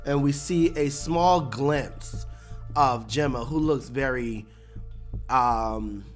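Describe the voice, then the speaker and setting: A host giving a casual, animated breakdown of a TV episode, laughing often and acting out lines. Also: mid-range voice, takes it slowly, faint music behind. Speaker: show recap host.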